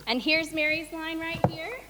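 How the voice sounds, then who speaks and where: A woman's voice: very high voice, level tone, a little slow, pushed and bright, a little hiss or hum. A woman leading a children's Easter reenactment in a church, upbeat and coaxing as she directs the kids into place. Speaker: children's presentation leader.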